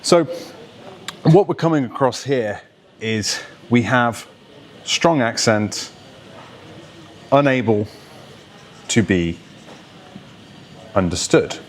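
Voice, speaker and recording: A man from England working as a voice coach, explaining things clearly and steadily in a video lesson. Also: mid-range voice, takes it slowly, long pauses. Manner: articulate, steady, explaining with examples.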